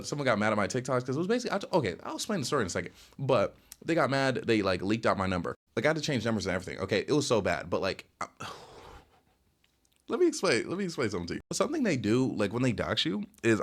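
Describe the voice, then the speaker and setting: A young man casually telling a storytime rant, rambling with lots of filler words and sudden jumps in pitch. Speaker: storytelling vlogger.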